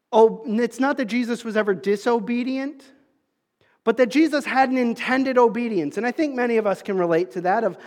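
High-voiced male pastor in a reverberant hall. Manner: conversational preaching, rising to emphatic calls, dropping to soft asides. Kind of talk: sermon.

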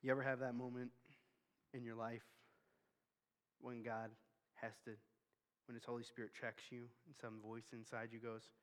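A man's voice: mid-range voice, monotone, normal speed, long pauses, fairly bright tone. A man preaching a sermon in a candid, conversational storytelling way. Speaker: pastor. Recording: long hall reverb.

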